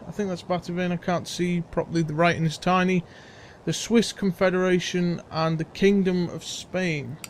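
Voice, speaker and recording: A man hosting a casual let's play, chatty and self-mocking, thinking aloud as he plays. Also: high voice. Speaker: gaming channel host.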